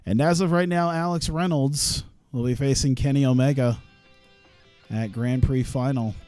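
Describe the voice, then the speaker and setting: A man's voice: mid-range voice, warm tone. A young man streaming a wrestling management game, commentating casually with lots of swearing and laughter. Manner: profane, laughing, rambling commentary. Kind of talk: casual let's-play commentary.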